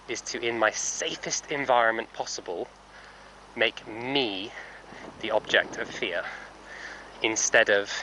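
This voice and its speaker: A man's voice: fairly low pitch, sharp tone, slight background noise, rough recording. A man training a horse who talks casually and thoughtfully in a vlog, rambling with many fillers and correcting himself as he goes.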